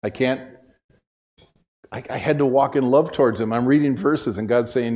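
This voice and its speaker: A man's voice: medium pitch, normal speed, a little mellow. A middle-aged male pastor giving a casual, storytelling sermon in a church, folksy and self-deprecating, often restarting his sentences. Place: church sanctuary.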